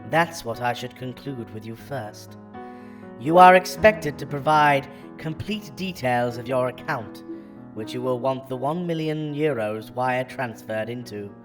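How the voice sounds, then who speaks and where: A man's voice: mid-range voice, measured pace, soft background music, lightly acted. A man reading as a stiff scammer agent woman. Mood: stiffly formal. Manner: stiff, formulaic email phrasing. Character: woman scammer posing as formal bank agent. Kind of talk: reading scam emails aloud.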